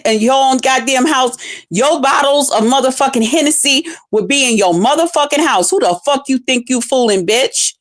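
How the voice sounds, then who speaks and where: A woman streamer delivering a scornful, confrontational rant full of constant cursing. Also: high voice. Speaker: online streamer. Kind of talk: profane ranting commentary.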